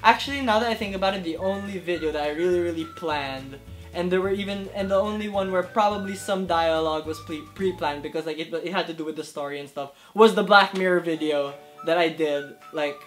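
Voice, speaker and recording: A young YouTuber, around his twenties, chats to the camera before him in a laid-back Q&A vlog set to soft background music. His voice sits high and moves a little fast, full of excitable, gushing enthusiasm and shifting volume.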